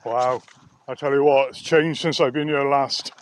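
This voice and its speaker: A man's voice: mid-range voice, steady tone, moderate pace. A man, chatting casually to camera on a walk through an open nature reserve and grumbling a little between remarks. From Wales. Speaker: vlogger and sound therapist. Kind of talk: casual walk-and-talk vlog.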